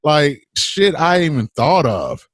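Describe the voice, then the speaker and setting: A man, a guest on a live video chat, talking casually in slangy, expressive speech and acting out quoted lines. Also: a little high, a little slow, slightly rough, no echo, clean studio sound. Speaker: guest runner.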